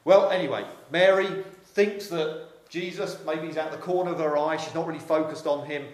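A man's voice: a little high, fairly even intonation, normal speed, reverberant. A man preaching a sermon, earnest and reflective, repeating phrases for emphasis.

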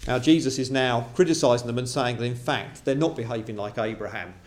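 A man preaching a sermon to a congregation, animated and acting out quoted voices. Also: medium pitch, a little fast, hardly any pauses. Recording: roomy echo of a hall.

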